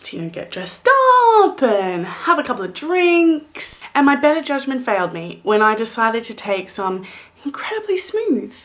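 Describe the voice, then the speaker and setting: A woman in her late twenties telling a comic story in a vlog, animated and playful, with dramatic whispered asides. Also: fairly high pitch. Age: late 20s. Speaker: vlogger.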